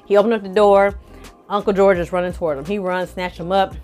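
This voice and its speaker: Animated woman recapping a show. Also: mid-range voice, quick pace, soft background music. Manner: animated, profane storytelling with acted-out quotes. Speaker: film review vlogger. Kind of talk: casual recap vlog.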